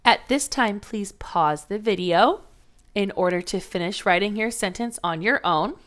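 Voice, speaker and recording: A woman's voice: mid-range voice, a little slow, a bit bright. A woman teaching a first grade phonics lesson, patiently sounding out letters and words for young children.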